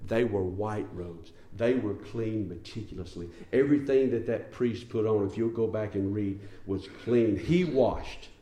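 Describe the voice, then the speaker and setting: A man's voice: lowish voice, measured pace, few pauses, mellow, reverberant. A man preaching a sermon in an emphatic, conversational way, often asking his listeners rhetorical questions.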